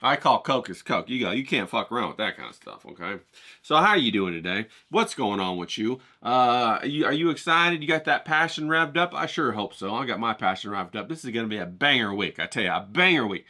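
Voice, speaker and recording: A man's voice: medium pitch, very animated, fairly quick, bright, forceful tone. A middle-aged man vlogging outdoors in a hyped, rambling way, swearing casually and talking straight to his viewers. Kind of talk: casual chatty vlog talk. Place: outdoors, cold day.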